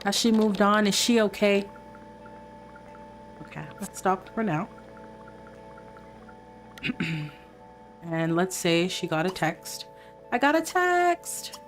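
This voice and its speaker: A woman's voice: fairly low pitch, little pitch movement, slow, pauses often, soft background music. A woman hosting a life-sim let's play, chatting playfully with her viewers as she plays. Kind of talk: casual gameplay commentary.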